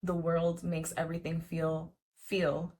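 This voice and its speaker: Her voice is low, husky and darkish, delivered completely flat and without hurry. This young woman talks to camera in a casual, earnest, encouraging vlog, repeating words and leaning heavily on "like" as she chats through her motivational message.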